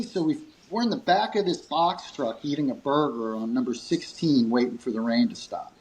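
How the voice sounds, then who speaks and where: Speaking at a moderate pace with hardly any pauses, a man who heads a grip company recounts a long story in an interview, and the recording is low quality. He acts out quotes animatedly, his pitch jumping, and chuckles between filler words.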